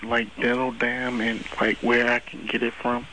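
A man's voice: medium pitch, monotone, normal speed, sharp tone, a little hiss or hum, poor audio. A male caller on a radio show, talking in a sleepy, hesitant way.

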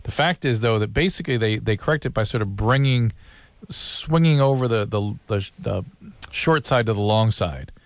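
A man working as the doctor co-host of a call-in radio show, explaining medical questions calmly and matter-of-factly. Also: fairly low pitch, normal speed, no room sound. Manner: calm, explanatory, matter-of-fact.

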